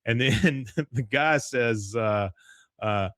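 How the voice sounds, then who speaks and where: A man's voice: mid-range voice, takes it slowly, a bit bright, no room sound, clean studio sound. Man recapping a cartoon episode. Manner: retells scenes, quoting lines with laughs. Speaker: podcast co-host. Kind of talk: casual episode recap chat.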